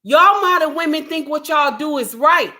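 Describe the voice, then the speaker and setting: A middle-aged woman, giving an impassioned commentary monologue, repeating her points and shouting for emphasis. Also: high-pitched, expressive, moderate pace. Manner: preachy, repeats lines for emphasis, shouts at times. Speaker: commentary vlogger.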